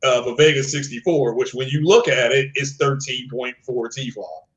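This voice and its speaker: A man's voice: medium pitch, moderate pace, fairly bright tone. A man hosting a casual gaming podcast, rambling and joking, with restarts and fillers. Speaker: podcast host.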